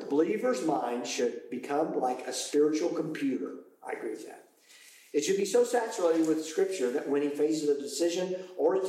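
A British man leading a Bible study group, teaching with lively, animated explanations and sudden exclamations. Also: a little high. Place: room with a small study group. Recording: echoey, poor quality recording.

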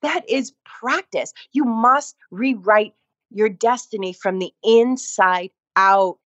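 A woman's voice: fairly high pitch, slow pace, a bit bright, no room sound, highs cut off. A woman, a fitness instructor, telling her story in a conversation, emphatic and repeating phrases for effect.

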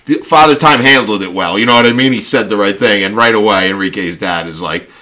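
A man hosting a casual chat over a video call, telling animated stories and acting out loud quotes with frequent laughter. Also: fairly low pitch, a little fast. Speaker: podcast host and youth football coach.

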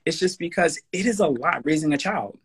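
Guy on a podcast, kinda high and raspy, blunt and sweary, really emphatic. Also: animated, a little fast. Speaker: podcast guest; personal trainer. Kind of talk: casual podcast conversation.

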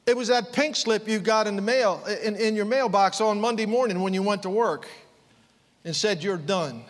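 Fervent high-voiced preacher in a hall. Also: male voice, normal speed. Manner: fervent, rising to impassioned outbursts then dropping low. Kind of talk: sermon.

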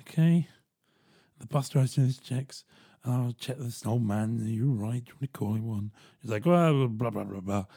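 A man hosting a podcast, telling a story in a chatty, animated way and jumping into quick voiced asides. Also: medium pitch, husky, dry recording. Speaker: podcast host. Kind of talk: casual storytelling monologue.

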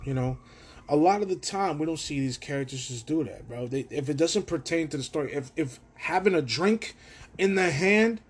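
A man hosting a casual solo podcast from his own room, rambling, swearing and animated. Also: on the high side, husky. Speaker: podcast host.

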